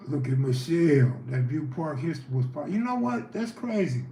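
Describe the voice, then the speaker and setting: This livestream host is a man whose voice runs on the high side, with a dark tone and lively intonation at a normal speed. He keeps things loose and conversational, bouncing off viewers' comments. Faint noise and echo fill the room.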